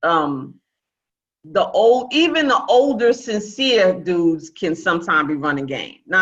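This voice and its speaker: A woman from Brooklyn, New York, with an expressive, slightly bright voice on the low side and a measured pace, hosts a casual online real estate training call. She coaches in a chatty way and repeats phrases, all over dull lo-fi video call audio.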